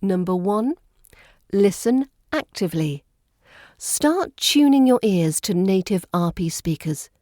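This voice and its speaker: A woman's voice: mid-range voice, expressive, takes it slowly, mellow, dry recording, studio quality. A woman with a British RP accent giving a scripted, upbeat accent lesson for a podcast. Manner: upbeat, playful teaching tone.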